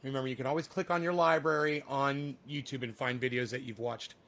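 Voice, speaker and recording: A man's voice: medium pitch, steady tone, fairly quick, fairly bright tone. A man ranting profanely and combatively at his livestream chat. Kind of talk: casual livestream rant.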